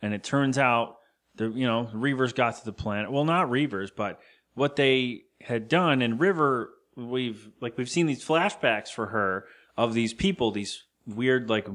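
A man chatting casually on a podcast, recapping a movie scene by scene. His voice sits at an ordinary middle pitch, and he drops in quick quoted lines and the odd swear word. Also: fairly bright tone. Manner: loose and profane, retells scenes with quoted lines. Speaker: podcast co-host.

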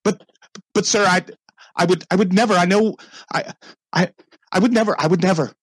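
A man's voice: high-pitched, fairly quick, breathy edge, no echo, voice pushed up. A man voicing a middle-aged butler who stammers and pleads his innocence. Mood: pleading.

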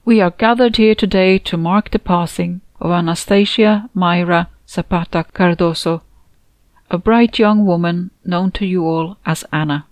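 A woman voicing a calm, formal male funeral officiant. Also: fairly low pitch, unhurried, dry recording, natural voice. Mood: formal solemn. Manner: formal, composed.

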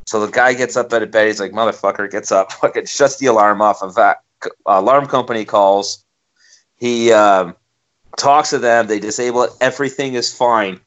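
A man co-hosts a casual podcast and tells a long, profane story with exasperated energy. His voice sits at a middle pitch and has a slightly dull, muffled sound. He talks loosely and laughs through his own stories. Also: moderate pace, a bit bright. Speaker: podcast co-host.

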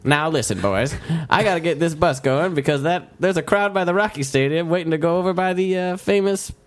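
A man's voice: brisk, close to an everyday voice. A man doing a chipper old-timey shuttle driver. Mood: hurrying. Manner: sing-song, high old-timey drawl. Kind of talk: improv comedy.

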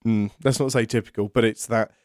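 A man's voice: fairly low pitch, fairly even intonation, fairly quick, darkish tone, dry recording, studio quality. Enthusiastic man chatting. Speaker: podcast co-host. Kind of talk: casual chat.

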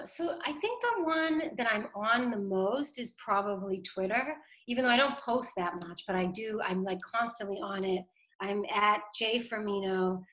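A woman's voice: mid-range voice, a bit bright. A woman from Boston, a communications director, talking casually in an interview with lots of "like" and "you know". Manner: chatty, many "like" and "you know" fillers, quick laughs. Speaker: city council communications director.

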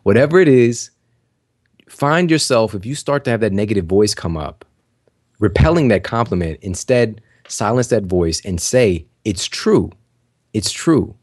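A man's voice: on the low side, expressive, normal speed, darkish tone, no echo, studio quality. A man hosting a podcast, giving casual, encouraging advice straight to his listeners, with lots of "you know" and "like". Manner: conversational, full of "you know" and "like" fillers; encouraging, addresses listeners directly. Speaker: podcast host. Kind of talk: casual motivational talk.

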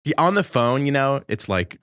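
A man's voice: mid-range voice, sing-song, normal speed, a bit bright, smooth, no echo, clean studio sound. A man co-hosting a casual comedy podcast, telling a rambling, self-deprecating story and acting out the voices of the people in it. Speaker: podcast co-host.

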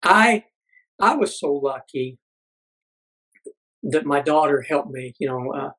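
A middle-aged man, a podcast guest, telling a personal story earnestly, halting with many fillers. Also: on the high side, animated, a bit bright, slightly rough, low-quality recording.

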